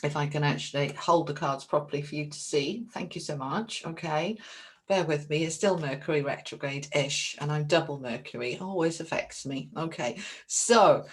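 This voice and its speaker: A woman giving a chatty, excitable tarot reading to camera, calling her viewers darlings. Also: sits low, normal speed. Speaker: tarot reader.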